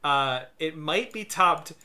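A man co-hosting a casual podcast chat, halting and full of fillers, often laughing mid-sentence. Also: fairly high pitch, animated, bright, forceful tone. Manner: halting, filler-heavy, laughs while talking. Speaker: podcast co-host.

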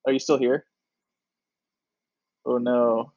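Slowly and animatedly, a comedian guest relates a story in casual conversation, voicing the other characters' lines himself. His pitch is mid-range, and the audio is dull, dry, and close, with no echo from the room.

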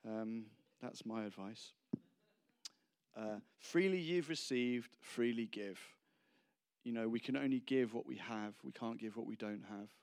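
A man's voice: fairly low pitch, fairly even intonation, normal speed, darkish tone. A man preaching a casual, humorous sermon, rambling and self-deprecating between anecdotes.

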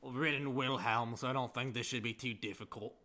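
A man playing a tabletop game, relaxed and joking as he declares his actions. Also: mid-range voice, a little fast. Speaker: player. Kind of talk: casual tabletop play.

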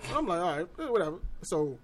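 Male podcast host, quick and high-pitched, animated and profane, acting out the people in his stories. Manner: animated, profane, slangy storyteller acting out quotes. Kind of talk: casual storytelling chat. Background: friends chatting and laughing.

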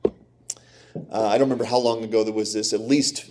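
A man's voice: fairly low pitch, steady tone, moderate pace, noisy background. A middle-aged man preaching a sermon, emphatic, repeating phrases and asking rhetorical questions. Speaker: pastor.

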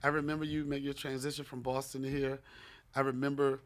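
A man's voice: medium pitch, flat delivery, a little fast. A man co-hosting a podcast, telling stories in slangy, profane, laughing talk. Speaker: comedian co-host. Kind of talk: casual podcast chat.

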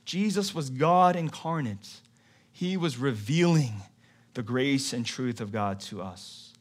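This male pastor preaches conversationally and slowly, with lively intonation. His sermon shifts between quiet, low stretches and louder, emphatic moments.

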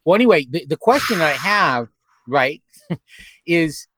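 A man's voice: on the high side, lively intonation, a bit bright, husky. A man hosting a casual group conversation over a video call, rambling and restarting often as he asks questions. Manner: rambling, halting with many restarts and fillers. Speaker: podcast host.

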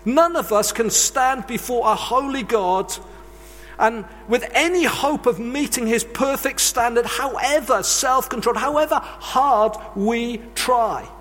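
A man's voice: very high-pitched, unhurried, fairly bright tone. A man preaching a sermon, telling earnest, confessional stories from his own life. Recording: long reverb of a large hall.

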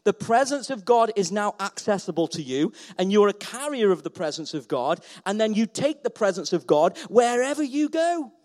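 A man delivers a sermon to a church hall, with a fairly high pitch for a man. He talks with passion and repeats his phrases for emphasis. His voice swells loud and then drops soft. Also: sing-song, normal speed, hardly any pauses. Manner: passionate, rising and falling in volume, repeats phrases. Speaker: pastor.

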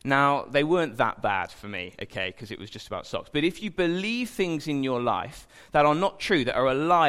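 A man's voice: mid-range voice, fairly bright tone. A young man giving an informal sermon, chatty and self-deprecating, with jokey asides. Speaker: preacher. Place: church hall. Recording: long hall reverb.

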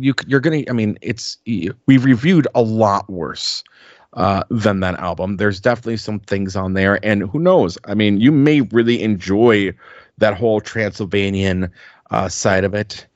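Man, podcast co-host, rambling, filler-heavy, lowish voice, dry dull lo-fi sound. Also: normal speed, dry recording. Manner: rambling, many fillers and restarts. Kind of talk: casual chat.

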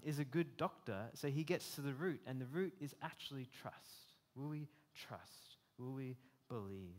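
Delivering a sermon in a fairly high voice, this man sounds earnest and conversational. He often starts his phrases over.

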